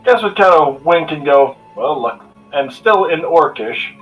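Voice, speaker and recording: A man's voice: fairly high pitch, expressive, measured pace, fairly bright tone, far from the mic, faint music behind, rough recording. A man playing a tabletop game, talking casually and thinking aloud about his character's actions. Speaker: player.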